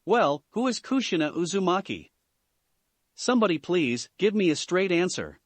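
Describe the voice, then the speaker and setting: A cocky young male ninja, as a man reads him aloud, impatient and demanding. The voice runs high and lively. The sound is dry and near. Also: normal speed, dry recording.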